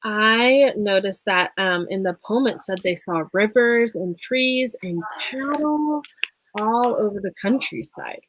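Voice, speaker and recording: A woman co-teaching a reading lesson for young children, reading a poem aloud slowly and carefully. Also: mid-range voice, animated, a little hiss or hum, low-quality recording.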